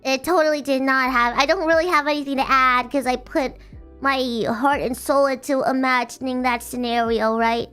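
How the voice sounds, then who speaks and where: A woman's voice: sits high, steady tone, moderate pace, pushed and bright, clear, resonant tone, soft background music. A woman streamer chatting casually in a rambling, bubbly way, teasing herself and restarting her sentences often. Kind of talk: casual livestream chat.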